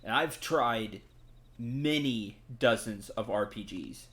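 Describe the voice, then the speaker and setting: A male streamer talks through his gameplay at an unhurried pace, in a middle-pitched, relaxed voice. He chats casually with his viewers and laughs often.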